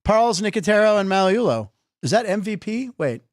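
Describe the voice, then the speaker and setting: A man hosting a casual sports talk show, joking and bantering with quick stammered restarts. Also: high voice, sing-song, no room sound, studio quality. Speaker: host.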